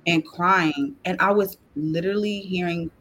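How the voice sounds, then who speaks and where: A woman's voice: on the low side, unhurried, a bit bright, a little hiss or hum. A woman guest on a podcast giving a personal faith testimony. She talks in an earnest, emotional way and fills her sentences with "like". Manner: earnest and emotional, heavy use of "like".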